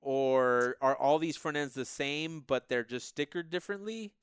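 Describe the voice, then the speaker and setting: A man's voice: fairly high pitch, expressive, normal speed, smooth, no echo, studio quality. A man co-hosting a car podcast, telling a story in casual chat and acting out what people said. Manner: storytelling, acts out quoted people. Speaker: podcast co-host.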